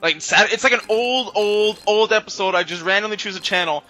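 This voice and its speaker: A man chatting casually as co-commentator on a video game playthrough, rambling through stories and quick to exclaim. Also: high-pitched, sharp tone, soft background music, poor audio. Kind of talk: casual gameplay banter.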